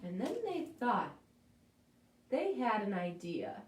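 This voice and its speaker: A woman librarian reading a story aloud to children in a playful, expressive way. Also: mid-range voice, slow, a little hiss or hum. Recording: echoey room, mic at a distance.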